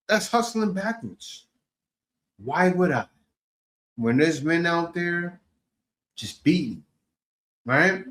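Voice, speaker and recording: Brief: male reaction host, scornful and blunt, unhurried delivery, a bit high for a man, roomy echo. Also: a bit bright. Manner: mocking, scornful. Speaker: reaction commentator. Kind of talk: blunt commentary on clips.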